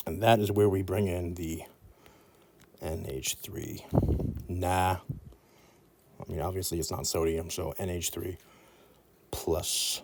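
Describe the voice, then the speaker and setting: A man teaching with playful, rambling asides. His voice is low-pitched and mellow, with a relaxed, warm tone. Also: slow pace, pauses often, a little hiss or hum. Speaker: anatomy teacher. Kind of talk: mnemonic lesson.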